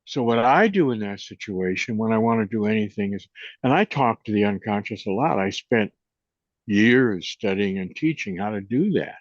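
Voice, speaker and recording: A man in his eighties, co-hosting a reflective chat on consciousness and guiding a meditation, unhurried and gentle, often trailing off softly. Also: fairly low pitch, lively intonation, no echo. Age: 80s. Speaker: co-host, meditation and consciousness teacher. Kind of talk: reflective conversation and guided meditation. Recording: dull lo-fi sound.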